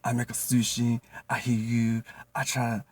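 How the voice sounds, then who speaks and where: A man's voice: mid-range voice, completely flat delivery, husky, voice pushed up, close to an everyday voice. A man playing a flustered strict old restaurant boss. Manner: halting, repeats words, exasperated. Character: flustered strict older male restaurant owner.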